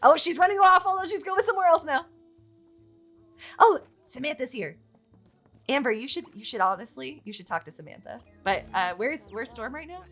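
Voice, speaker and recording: A woman giving chatty, excitable let's play commentary on her game, swearing freely as she goes. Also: high voice, moderate pace, soft background music. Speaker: gaming YouTuber.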